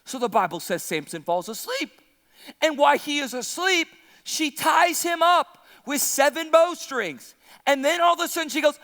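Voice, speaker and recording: A male pastor with a very high, bright voice, preaching as an animated storyteller who acts out every character. His lively delivery carries a long reverb from a large hall. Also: normal speed. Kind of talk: sermon.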